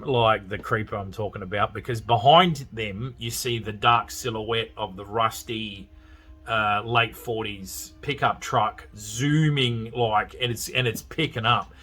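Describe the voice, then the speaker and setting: An Australian man rambles through a horror movie review in a loose, excitable podcast chat, swearing freely and often breaking into laughter. His voice is bright and forceful, with a husky, breathy edge running underneath. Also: lowish voice, a little slow. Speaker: podcast host. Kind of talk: casual film review chat.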